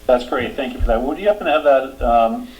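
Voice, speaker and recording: A man with a Boston accent chairing a town meeting, reading announcements steadily and trailing off quietly. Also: mid-range voice, a little fast, highs cut off, a little hiss or hum. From Boston area. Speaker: board chair.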